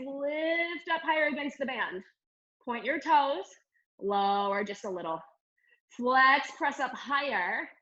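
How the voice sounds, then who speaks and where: A woman's voice: high-pitched, pushed and bright. A woman Pilates instructor cueing and counting reps in a live online class, exercising along and a bit strained. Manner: upbeat counting and cueing while doing the moves. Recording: slightly dull lo-fi stream audio.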